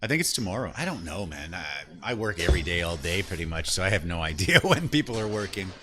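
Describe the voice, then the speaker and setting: A man with a fairly low voice hosts a relaxed talk show over drinks, feeling tipsy. He rambles through stories and plays out the other people's lines. Faint music plays behind him. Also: fast talker. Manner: loose storytelling, acts out quoted people. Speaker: host. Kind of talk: casual chat over beers.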